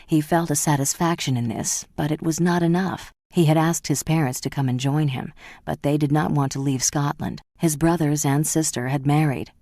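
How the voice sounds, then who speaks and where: Audiobook narrator, female, measured delivery; strikingly deep voice, dry recording. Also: fairly even intonation, mellow, no room sound.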